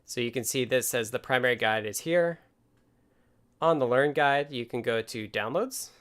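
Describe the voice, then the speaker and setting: A man's voice: medium pitch, normal speed, a bit bright, clean tone. A man hosting a casual live stream from his home workspace, thinking aloud and explaining things step by step. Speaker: livestream host.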